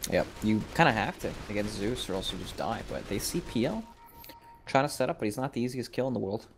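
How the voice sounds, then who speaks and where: A man co-casting an esports match, giving relaxed, conversational color commentary. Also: lowish voice, fast talker, creaky, music in the background. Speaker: esports co-caster.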